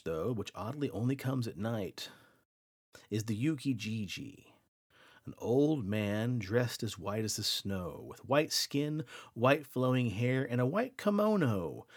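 His mid-range voice carries a breathy edge as this podcast host casually recounts spooky folklore. He sounds lively and swinging in an average register, keeping things playful and ribbing his co-host.

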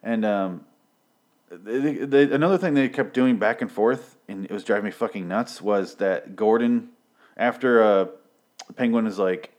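Low-voiced man ranting through a sarcastic recap. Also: moderate pace, darkish tone. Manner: profane, sarcastic, rambling with many fillers. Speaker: TV episode recapper. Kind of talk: casual spoken recap.

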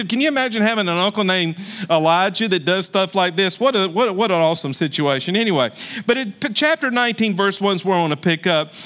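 A male pastor preaching a sermon with an animated storytelling manner. His voice sits high for a man, and he laughs at his own points as he goes.

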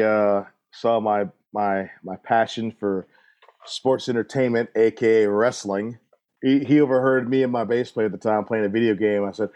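A middle-aged man speaks in a low register, his voice dark and mellow. He is a drummer and guest in an interview, laid-back and folksy, and he drifts into easy anecdotes. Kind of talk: relaxed storytelling interview.

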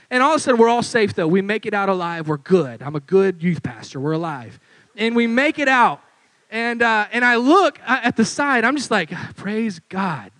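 A young man who is a youth pastor, preaching with lively storytelling and acting out quotes. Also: extremely high pitch, dry recording, low-quality recording. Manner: animated storyteller, acts out quotes. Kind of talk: sermon with storytelling.

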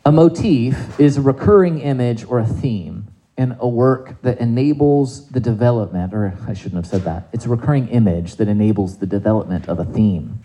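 A man preaching a sermon in a conversational, animated way, asking the congregation rhetorical questions. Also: medium pitch, moderate pace, poor audio. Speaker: pastor.

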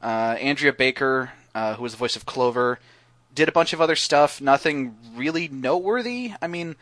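A man's voice: mid-range voice, animated, normal speed, a bit bright, dry recording. A man chatting casually on a podcast, rambling with lots of fillers and restarts. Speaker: podcast guest co-host.

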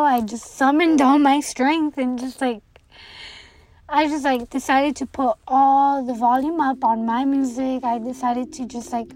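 A woman's voice: high-pitched, low-quality recording. A young woman telling a race story in a casual, giggly way, full of "like" and "um". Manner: giggly, lots of "like" fillers. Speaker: student runner.

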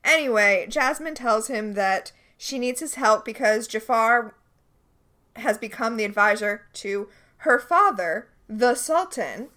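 Lively high-voiced woman chatting. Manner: quick, chatty, playful asides. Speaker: podcast co-host. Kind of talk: casual chat recapping a TV episode.

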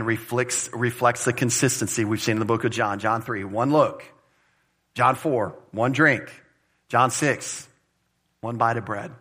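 This pastor's husky, mid-range voice carries an expository sermon delivered in an animated, emphatic, conversational style. He works Greek word study into his preaching.

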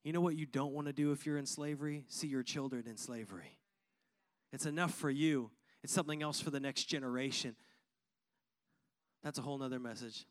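A man's voice: medium pitch, fairly quick. A man preaching a sermon to his congregation, using repetition and call-and-response. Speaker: pastor.

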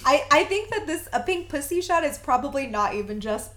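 A woman's voice: high-pitched, expressive, fairly quick, over a noisy crowd. A woman co-hosting a podcast in casual chat, gushing and laughing often. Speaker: podcast co-host.

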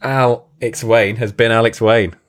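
A man's voice: mid-range voice, fairly even intonation, unhurried. A man hosting a casual podcast chat, laughing often and swearing casually, poking fun at himself. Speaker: podcast host.

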